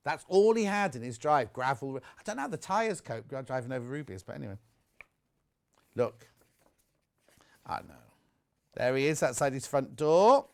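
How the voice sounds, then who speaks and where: A man presenting on a live TV shopping show, chatty and excitable, jumping between asides. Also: medium pitch, normal speed, long pauses. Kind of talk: live TV sales chat. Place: TV studio.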